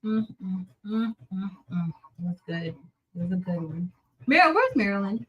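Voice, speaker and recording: A woman's voice: medium pitch, animated, unhurried, husky, lo-fi sound. A woman hosting a casual live stream, chatting and greeting viewers by name while she works. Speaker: livestream host.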